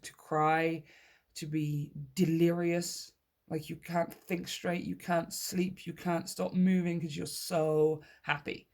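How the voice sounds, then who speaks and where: A woman's voice: sits low, darkish tone. Enthusiastic woman giving a tarot reading. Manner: enthusiastic, encouraging, laughs often; repeats key phrases for emphasis. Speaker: tarot reader. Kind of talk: casual tarot reading to viewers.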